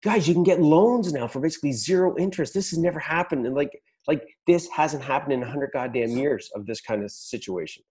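He talks briskly with few pauses, his somewhat high voice tinged darkly. As host of a podcast, he offers business owners straight-talking, expletive-heavy motivation with real pep-talk force.

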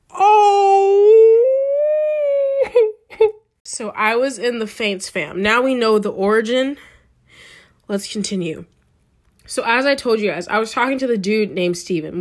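A woman's voice: mid-range voice, moderate pace. A young woman telling a story in a storytime vlog, dramatic and cringing, with laughs and exclamations.

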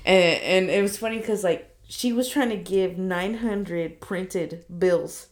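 A woman's voice: on the low side, slow pace. A young woman co-hosting a podcast, telling work stories in casual chat, acting out the people she quotes and swearing freely. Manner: animated, acts out quoted voices, swears freely. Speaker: podcast co-host.

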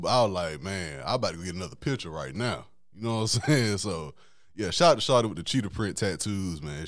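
A man's voice: lowish voice, dry recording, studio quality. A man hosting a podcast, telling a casual story in a laid-back, slangy way and laughing often. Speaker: podcast host.

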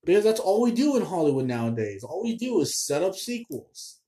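A man's voice: high-pitched, sing-song, brisk, dark tone. A man hosting a casual movie review show, ranting in a chatty, exasperated way with lots of fillers.

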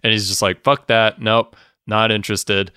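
A man's voice: lowish voice, flat delivery, moderate pace, bright, forceful tone, clean tone, dry recording, clean studio sound. A man chatting casually as a podcast co-host, retelling a TV episode scene by scene, acting out the characters' lines and swearing freely. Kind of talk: casual chat recapping a TV episode.

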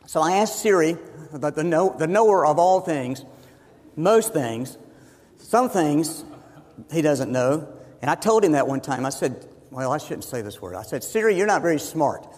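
A man's voice: on the high side, lively intonation, measured pace, darkish tone, in a large hall. A man, a pastor, preaching a sermon in an emphatic way, repeating phrases to drive his points home.

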